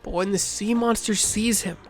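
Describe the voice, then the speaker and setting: A man narrating a video essay in a measured, reflective way, with dramatic pauses. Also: high-pitched, steady tone, soft background music.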